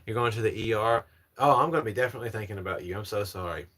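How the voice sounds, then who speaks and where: Hosting a casual livestream, a young North Carolina man with a Southern American accent answers chat comments in a polished presenter style. He talks very fast in a voice on the low side with a fairly bright tone. He is from North Carolina, USA.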